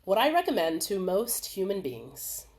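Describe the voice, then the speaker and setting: A woman hosting a live video webinar in a casual, animated way, laughing often and acting out small voices. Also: mid-range voice, measured pace. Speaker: webinar host. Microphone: video call.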